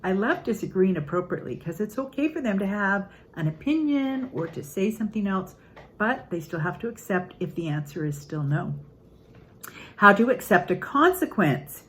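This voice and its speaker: An older woman, a grandmother, giving an earnest, upbeat casual talk on parenting, acting out quotes in lively voices. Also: mid-range voice, normal speed, rough recording. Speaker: parenting channel host.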